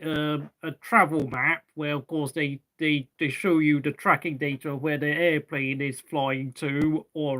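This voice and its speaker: A young man with a slightly high, fairly bright voice hosts a live race watchalong. He chats casually and rambles to fill the gaps between race updates.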